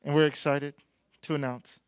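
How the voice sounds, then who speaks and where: A playful male emcee with a high voice works the crowd at an awards night, speaking into a handheld mic. The sound is dry and close. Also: little pitch movement, normal speed, clean tone, no echo. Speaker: event emcee. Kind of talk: live awards announcing. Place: event hall stage. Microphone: handheld microphone.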